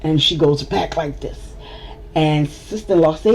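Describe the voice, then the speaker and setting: In a casual storytime vlog, a woman speaks to the camera and animatedly acts out the people in her story. Her voice is low and husky, at a measured pace.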